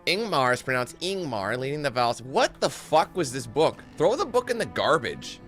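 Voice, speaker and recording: A man's voice: medium pitch, big pitch swings, normal speed, fairly bright tone, soft background music. A young man giving casual, joking gameplay commentary, reading in-game texts aloud and breaking off into parody singing.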